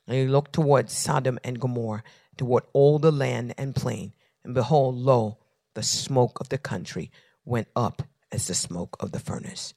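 A man preaching a sermon. He swings from near-whispers to shouting and leans on repeated refrains. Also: medium pitch, dry recording, studio quality. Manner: repetitive preaching cadence. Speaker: pastor.

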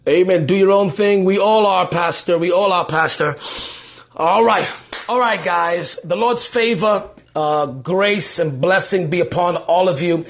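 A high-pitched male pastor from New York City talks loosely on a livestream. He is upbeat and keeps answering comments with short, repeated words of approval, as if working through a list. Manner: upbeat, repeats quick affirmations. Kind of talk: live-stream chat reading viewer comments.

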